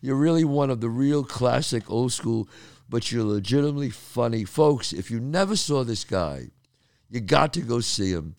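An older man hosting a casual talk show, an animated storyteller who swears freely. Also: mid-range voice, moderate pace, no room sound, studio quality. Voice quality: gravelly. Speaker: podcast host. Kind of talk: casual chat.

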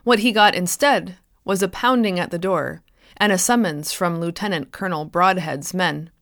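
A woman author reading her own short story aloud in a measured, expressive way, close to the mic. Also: on the low side, no echo.

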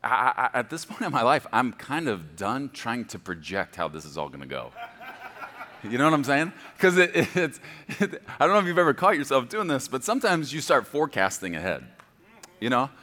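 A man in his forties preaches with a lively voice that leaps up and drops low. He tells stories with laughter and pokes fun at himself. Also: a little fast, long reverb tail. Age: 40s. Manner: animated storytelling preacher, laughing and self-deprecating. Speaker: pastor. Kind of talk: sermon.

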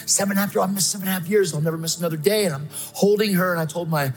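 A man's voice: high-pitched, racing, faint music behind. A man preaching an emphatic sermon, telling his own story and acting out voices. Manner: emphatic, excitable, acts out voices. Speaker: guest speaker preaching. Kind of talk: sermon with personal testimony.

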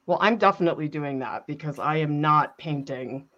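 A woman in casual chat while painting, animated and giggly, talking about her work. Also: sits low, moderate pace, highs cut off. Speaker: co-host.

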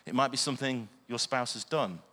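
A man's voice: mid-range voice, a little fast, fairly bright tone. A man preaching a sermon, earnest, often asking the listeners questions. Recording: long hall reverb.

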